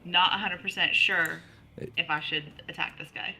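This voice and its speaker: A woman's voice: lowish voice, steady tone, moderate pace, pushed and bright, rough recording. A woman player in a tabletop game, talking tentatively and unsure of herself. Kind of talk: casual game chat.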